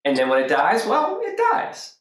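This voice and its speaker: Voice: mid-range voice, wildly swooping pitch, moderate pace, reverberant, far from the mic, pitched above the performer's own voice. A workshop teacher voicing a playful, lazy cat toying with a mouse, in a sing-song, teasing way.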